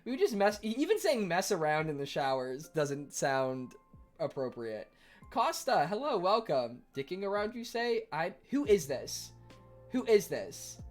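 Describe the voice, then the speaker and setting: A young man chatting casually on his livestream in an animated, rambling way, full of fillers. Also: a little high, unhurried, soft background music. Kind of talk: casual stream chat.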